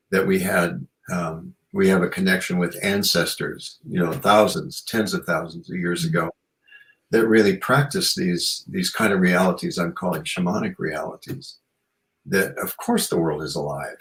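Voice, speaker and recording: A deep-voiced man, recorded at low quality, appears as a guest in a reflective interview. He's an author and shamanic practitioner who speaks in an earnest, musing way, with frequent "you know" fillers.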